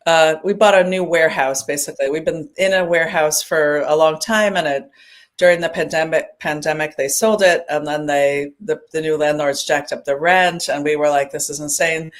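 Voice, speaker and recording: A woman's voice: low-pitched, fairly even intonation, normal speed. A woman in her fifties from upstate New York, chatting as a guest over a video call, laughing often and restarting her sentences. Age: 50s. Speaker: guest musician. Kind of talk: casual chat.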